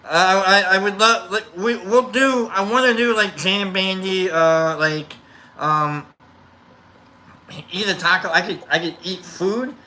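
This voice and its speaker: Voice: medium pitch, a little slow, pushed and bright. A live-stream host chatting loosely with viewers, rambling with many restarts and fillers.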